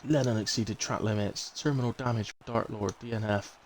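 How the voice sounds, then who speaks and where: A man with a fairly low voice and a Bristol accent gives brisk, casual live commentary on a racing league, keeping his intonation fairly even. He's chatty and rambling, filling gaps with asides, and the poor audio carries a little hiss or hum.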